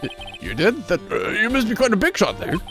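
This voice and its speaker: A man's voice: high-pitched, wildly swooping pitch, brisk, fairly bright tone, faint music behind, pitched above the performer's own voice, heavily acted. A man voicing a flustered, timid old male judge who stammers, for a game read-along. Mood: bewildered.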